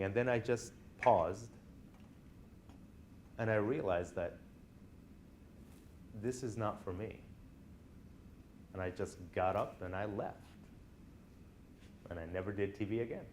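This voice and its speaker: A man's voice: lowish voice, slight background noise. Conversational man giving a classroom lecture. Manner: conversational, often checks in with "right?". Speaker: college lecturer. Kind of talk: classroom lecture with personal stories.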